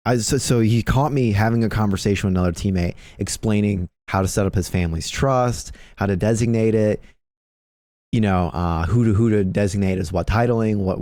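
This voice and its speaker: A young man talks casually on his live stream, swearing freely and reading posts aloud. His voice sits low, close to a dry microphone with no room sound. When he retells a story, he acts out the other people's lines in it. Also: no room sound. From Filipino heritage. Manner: animated storyteller, swears a lot, acts out quotes loudly. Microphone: close streaming mic.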